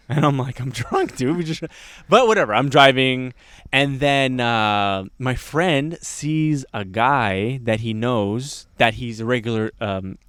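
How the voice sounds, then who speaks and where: A man's voice: medium pitch, a little slow, clean tone, no room sound. A man telling a wild story in casual podcast chat, acting out the voices of the people in it. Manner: animated, acts out voices in his stories. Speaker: podcast host.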